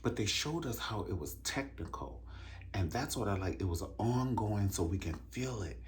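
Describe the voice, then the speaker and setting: Casting: deep-voiced man, casual vlog chat, lively and talkative, faint noise behind. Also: normal speed. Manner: animated, chatty, vocalizes drum rhythms and says "honey". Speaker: vlogger reviewing a dance concert.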